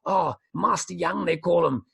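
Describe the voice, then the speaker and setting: A man voicing an excitable young male assistant in a rough Irish accent, gushing with breathless enthusiasm. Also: sits high, measured pace, pitched above the performer's own voice, heavily acted. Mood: excited, gushing. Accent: Irish, attempted. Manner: breathless, over-the-top enthusiasm.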